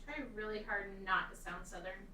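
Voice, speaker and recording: Woman, bright tense voice, playful teasing chat, co-host, off-mic in an echoey room. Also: medium pitch, normal speed, recorded from a distance, a little hiss or hum. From American South. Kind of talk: casual chat.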